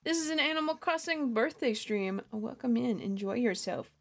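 A woman's voice: fairly high pitch, expressive, moderate pace, creaky, soft background music. Giggly woman streamer. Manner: giggly, chatty, affectionate, often laughing. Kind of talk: casual gaming livestream chat.

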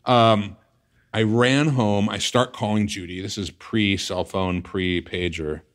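A middle-aged man from the San Fernando Valley, a guest telling a story in an interview and acting out old conversations with big jumps in his voice. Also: slow pace. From the San Fernando Valley, California. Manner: animated storyteller acting out past conversations, voice jumping high in excitement.

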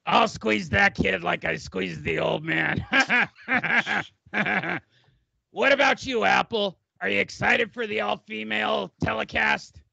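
Man playing a crude old boxing promoter, New York accent, bright tone, dry sound. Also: high voice, slow, creaky, husky, no echo, exaggerated voice. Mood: mock-formal. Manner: crude, rambling, self-mocking. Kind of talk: comic impression on a sports radio show.

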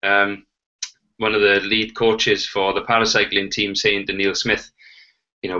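Sex: man. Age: 40s. Origin: Wales. Role: interview guest. Style: animated storytelling with quoted dialogue. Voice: lowish, bright, forceful. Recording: dull, lo-fi. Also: unhurried. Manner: animated, acts out quoted dialogue, frequent "you know". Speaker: guest, Paralympic cyclist. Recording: dull lo-fi audio.

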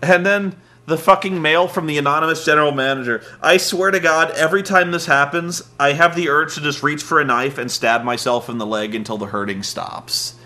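Sarcastic guy ranting thru a wrestling recap, swears a lot, kinda high bright voice. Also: a little fast, hardly any pauses. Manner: sarcastic, profane, deadpan jokes. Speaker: podcast host.

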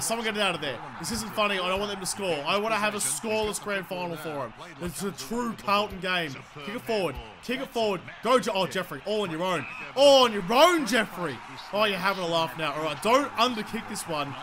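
Excitable high-voiced Australian gamer, crowd behind. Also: male voice. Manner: excitable and sweary, swinging between mutters and shouts. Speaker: gaming commentator. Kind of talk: live gameplay commentary. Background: crowd noise from the game.

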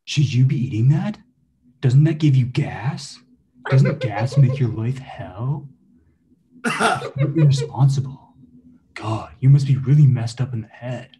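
Man doing a sneering male emo twin, loud and mocking, video call. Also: medium pitch, fairly quick, few pauses, lightly acted. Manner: mocking, nagging, louder.

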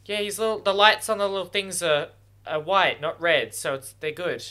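Excitable man with a bright, forceful voice. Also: sits high, normal speed. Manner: excitable, talks at the screen, swears freely. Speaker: reaction video host. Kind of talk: casual first-watch reaction commentary.

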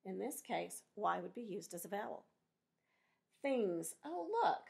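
A woman teacher giving a recorded phonics lesson to young pupils, speaking slowly and encouragingly as she spells out letters and sounds. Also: medium pitch, expressive, creaky, a little mellow.

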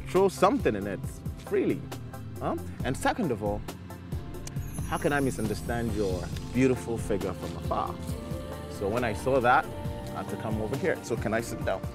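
A man's voice: mid-range voice, close to an everyday voice. A man playing a flamboyant, teasing flirt. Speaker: flirting suitor. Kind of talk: film drama acting.

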